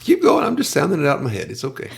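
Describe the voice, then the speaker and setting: A man's voice: fairly high pitch, huge pitch swings, fairly quick, creaky, slightly rough. A man co-hosting a podcast, teasing the others and laughing a lot. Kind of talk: casual podcast chat.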